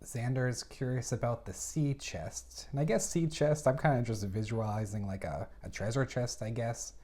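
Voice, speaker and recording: A man's voice: medium pitch, moderate pace, darkish tone. Exasperated man recapping a novel. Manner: exasperated, chatty commentary. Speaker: book reviewer. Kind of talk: casual plot recap with reactions.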